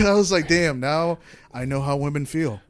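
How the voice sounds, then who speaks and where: A man's voice: fairly high pitch, moderate pace. A young man casually telling a rambling, candid personal story in a podcast chat, acting out what people said.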